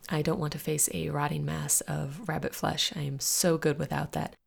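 A woman reading a spooky horror tale in a hushed, often whispered, dramatic way, as host of a story podcast. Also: deep voice, flat delivery, normal speed, vocal fry, breathy edge.

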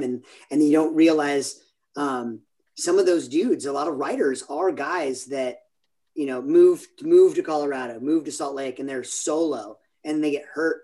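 A man's voice: on the high side, darkish tone. A man in his forties from California, telling stories in a rambling, self-interrupting way during a casual interview chat. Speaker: podcast guest.

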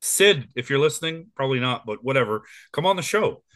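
A man's voice: mid-range voice, lively intonation, a little fast, fairly bright tone, no echo. A man in his forties co-hosting a casual podcast, rambling with plenty of ums and restarts. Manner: rambling, with many fillers and restarts. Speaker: podcast co-host.

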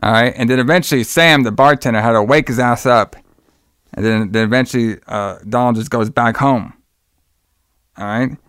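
A man's voice: medium pitch, moderate pace, fairly bright tone, clean tone, dry recording, studio quality. A man in casual chat, retelling the plot of a film in a rambling way and acting out lines, often saying "all right.". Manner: rambling retelling, acts out quotes, says "all right" a lot.

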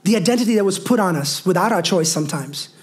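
A man preaching a sermon as a pastor, calling out to his congregation, mixing humor and asides, and rising to near-shouting on his declarations. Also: high voice, lively intonation, fast talker. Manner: preaching with call-and-response asides and wry humor.

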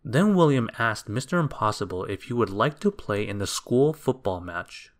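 A man reading a children's storybook aloud in a gentle, expressive, unhurried way. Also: fairly low pitch.

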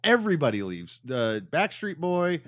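A man from Texas co-hosting a podcast, recapping a movie in animated, profane casual banter and laughing often. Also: on the high side, moderate pace, no room sound, studio quality. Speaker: podcast co-host.

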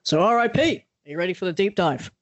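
A young man hosting a podcast, his voice sitting a bit high for a man. He tells stories with energy, swears freely and acts out what people said. The sound is dry and close. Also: fast, no room sound. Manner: animated storyteller, swears freely, acts out quotes. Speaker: podcast host. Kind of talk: casual podcast interview.

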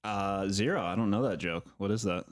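A young man co-hosting a podcast, chatting casually in a relaxed, rambling way with fillers. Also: on the low side, brisk. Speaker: podcast co-host. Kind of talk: casual chat.

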